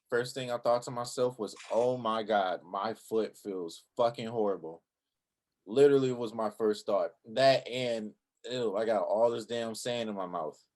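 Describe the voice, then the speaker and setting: A young man with a fairly low voice recounts a mishap in relaxed, casual chat. He swears freely and slips into quoted thoughts as he goes. He co-hosts the channel. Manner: laid-back, profane, recounts with quoted inner thoughts. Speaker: channel co-host.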